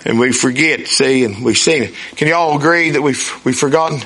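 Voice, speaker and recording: A man's voice: mid-range voice, moderate pace, fairly bright tone. A man, preaching a sermon in a folksy call-and-response manner. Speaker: pastor.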